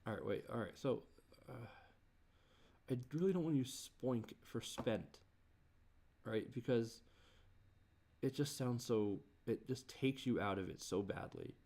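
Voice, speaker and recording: A man thinking aloud while he composes, muttering in halting restarts and groaning at himself. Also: mid-range voice, expressive, creaky, darkish tone. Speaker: creator working on a song.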